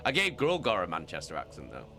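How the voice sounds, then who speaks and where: A man's voice: low-pitched, huge pitch swings, fast, pushed and bright, slight background noise. A young man, chatting casually with his stream audience, swearing and laughing often. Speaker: streamer reading a novel with chat. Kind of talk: casual live-stream chat.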